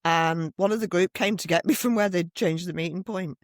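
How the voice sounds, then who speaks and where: A middle-aged woman, co-hosting a podcast and telling stories in a blunt, animated way with plenty of swearing. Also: lowish voice, fairly quick, no room sound, clean studio sound. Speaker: podcast co-host. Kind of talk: casual chat. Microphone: desk microphone.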